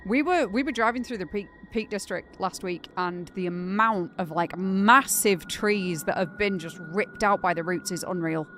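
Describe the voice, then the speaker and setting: A woman's voice: medium pitch, moderate pace, few pauses, a bit bright, a little hiss or hum. A young woman from Greater Manchester with a Northern English accent, chatting casually and rambling with lots of fillers while live streaming a game. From Greater Manchester, England.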